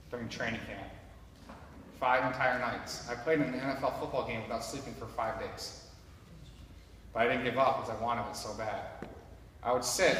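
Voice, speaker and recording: A man gives a motivational talk, recounting his story in an earnest, conversational tone and often addressing the audience directly. His voice sits at an ordinary pitch for a man. It carries from a distance through a large hall with a long reverb, over a faint hum of room ambience. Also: fairly bright tone. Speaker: motivational speaker. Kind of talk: personal story told to a live audience. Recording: echoey hall recorded from afar.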